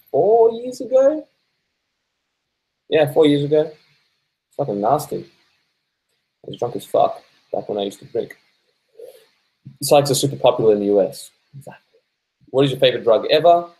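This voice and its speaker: A man's voice: fairly low pitch, a little mellow, rough recording. A man with an Australian accent, stoned and laid-back, chatting casually on a live stream as he reads viewer comments aloud, swearing freely and laughing often. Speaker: live-stream host reading viewer chat.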